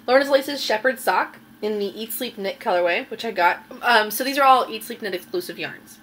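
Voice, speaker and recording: A woman's voice: mid-range voice, moderate pace, a bit bright, a little hiss or hum. A woman hosting a knitting podcast, chatting casually and rambling a little with plenty of ums as she shows her finished projects. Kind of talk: casual show-and-tell chat.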